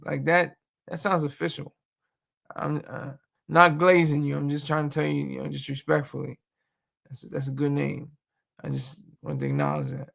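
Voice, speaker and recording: A man's voice: a little high, normal speed, gravelly, pushed and bright. A man hosting a livestream, commenting on the news in a loose, joking, rambling way with plenty of fillers. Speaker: livestream host reacting to news.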